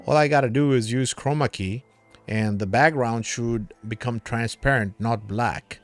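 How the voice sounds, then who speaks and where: A man's voice: medium pitch, a little slow, faint music behind. A man hosting a crypto livestream in a casual, rambling way, a little tipsy from drinking, calling his viewers brother and man.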